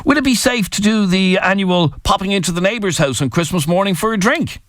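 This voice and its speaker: An Irish man hosting a phone-in radio talk show, jokey and animated as he reads out listener messages. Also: high voice, a little fast, no echo, clean studio sound. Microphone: studio microphone.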